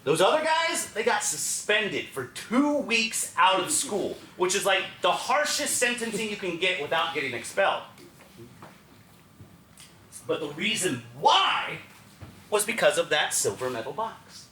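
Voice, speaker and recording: American guy doing a one man stage story, super lively, jumps all over in pitch, roomy theater sound. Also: measured pace, a little hiss or hum. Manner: animated, acts out other characters' lines. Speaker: solo stage performer. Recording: echoey theater room with faint ambience.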